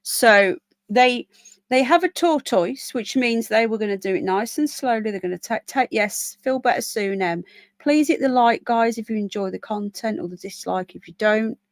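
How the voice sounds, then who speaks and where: A woman's voice: fairly high pitch, normal speed, no room sound. A woman hosting a casual live stream, tired and yawning, chatting to her viewers and breaking off to talk to her pets. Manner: chatty, talks to viewers and pets in between points. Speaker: livestream host. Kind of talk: casual live-stream chat, reading comments.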